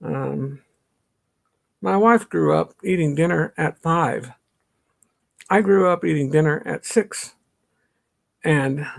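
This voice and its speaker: A middle-aged man from the suburbs, chatting casually on a livestream, greeting viewers by name and laughing often, a little stuffy from allergies. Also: on the high side. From northern suburbs of Chicago. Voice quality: gravelly, husky. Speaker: livestream host. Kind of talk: casual live-stream chat reading comments.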